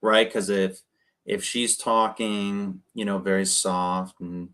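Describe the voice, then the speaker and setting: Chatty low-voiced man coaching on the phone. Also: slow pace. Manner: energetic, chatty, full of fillers and restarts; acts out phone calls, shifting his tone to match others. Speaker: real estate investor coaching cold callers. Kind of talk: casual coaching talk on a video call.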